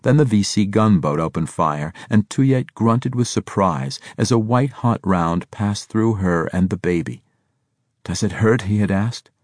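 Reading from a script, a man narrates an audiobook with calm, measured storytelling. His pitch sits fairly low, and the studio-quality track carries no echo.

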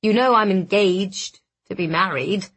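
A woman voicing an ardent, careless young man with a low, husky murmur, within a read-aloud romance. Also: unhurried, fairly bright tone. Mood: flustered.

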